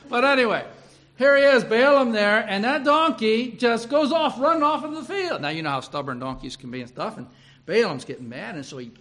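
A male preacher retelling a story in an animated sermon, often repeating himself and restarting. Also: very high voice, fairly quick.

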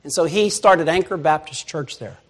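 An older man preaching a sermon as pastor, dropping to soft murmurs and rising to loud shouts. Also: fairly high pitch, normal speed.

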